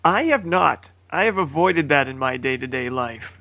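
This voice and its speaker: A man's voice: mid-range voice, lively intonation, normal speed, pushed and bright. A man co-hosting a podcast, reading listener questions and making dry, understated remarks. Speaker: podcast co-host. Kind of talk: casual podcast chat. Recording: dull, dry lo-fi audio, a bit off mic.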